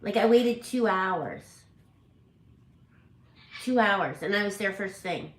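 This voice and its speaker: A woman's voice: mid-range voice, lively intonation, slow. Chatty woman in a roomy echo. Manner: rambling, self-correcting, chatty. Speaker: parrot channel host. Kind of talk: casual livestream chat.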